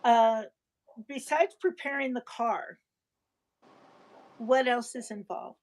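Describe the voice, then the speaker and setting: A woman's voice: fairly high pitch, takes it slowly, poor audio. A chatty woman interviewing a guest in casual conversation, prone to tangents.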